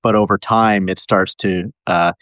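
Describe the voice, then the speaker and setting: Male caller, lowish voice, dry sound, halting and full of fillers. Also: fairly even intonation, a bit bright, no echo. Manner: hesitant, many ums and uhs. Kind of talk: call-in conversation.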